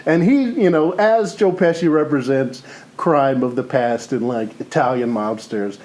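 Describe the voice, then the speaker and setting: A man co-hosting a comedy podcast, rambling through a movie pitch full of "you know" and "or whatever" and laughing often. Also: measured pace, a little mellow, poor audio. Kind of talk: casual comedic chat.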